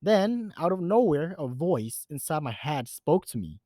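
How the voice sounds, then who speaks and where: A man's voice: on the high side, sing-song, measured pace, few pauses, warm tone, no echo. Male horror-story narrator, earnest and emphatic, dry close recording.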